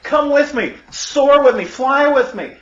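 A man's voice: sits high, slow pace, fairly bright tone, full character voice. A man voicing a young lost eagle who believes he is a turkey, speaking earnestly and plainly in a folksy storytelling way. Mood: excited. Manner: earnest, wide-eyed, folksy. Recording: roomy, dull lo-fi recording.

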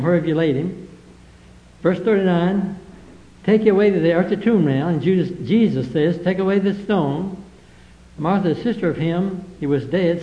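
A male preacher with a fairly high voice, reading the Bible aloud verse by verse and then explaining it simply. The recording is dull and lo-fi, with a roomy echo around him. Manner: old-fashioned King James phrasing in quotes.

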